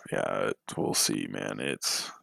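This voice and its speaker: A man's voice: very deep voice, vocal fry, pushed and bright, no room sound. A man co-hosting a casual sports podcast, talking hesitantly with lots of fillers and sighs.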